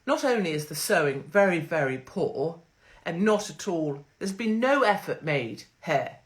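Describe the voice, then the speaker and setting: Speaking a little slowly in a lowish, sing-song voice, a middle-aged woman livestreams from her phone at home. Her monologue is brash, crude and sarcastic, peppered with free swearing.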